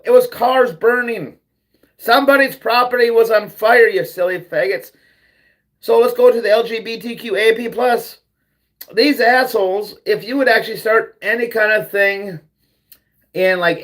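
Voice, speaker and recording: A man's voice: high-pitched, fairly bright tone. A man hosting a livestream, ranting bluntly and profanely, repeating himself as he goes. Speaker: livestream host. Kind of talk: ranting monologue.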